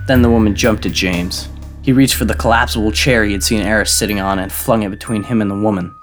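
A man narrating an audiobook in a measured, even reading. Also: lowish voice, faint music behind.

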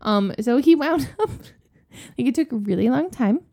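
A woman's voice: a little high, normal speed. A woman cohosting a podcast, telling a family story in a casual chat and acting out the people in it. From West Virginia. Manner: lively storyteller, acts out quoted voices.

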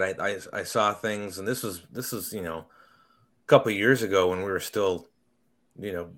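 A man's voice: fairly low pitch, pushed and bright. A man co-hosting a podcast in casual chat, telling things loosely with stammering restarts. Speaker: podcast co-host.

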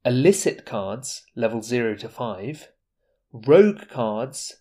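A man co-hosting a casual board game podcast, chatty and enthusiastic with quick asides. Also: mid-range voice, sing-song, dark tone. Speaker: podcast co-host.

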